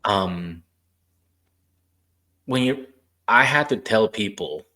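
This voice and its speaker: Deep-voiced man hosting a podcast. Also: lively intonation, takes it slowly, pushed and bright, slight background noise. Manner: storytelling, acting out quoted dialogue. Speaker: podcast host; former rehab therapist. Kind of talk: casual interview chat.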